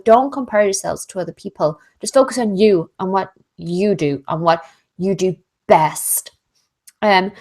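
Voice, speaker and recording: A British woman talks through a business Q&A webinar in a loose, chatty way. She keeps slipping into little acted-out voices of her own doubts. Her pitch sits in an ordinary middle range. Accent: British English. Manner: chatty and animated, lots of "like" and acted-out inner voices. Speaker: business coach hosting a Q&A. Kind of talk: casual motivational webinar talk.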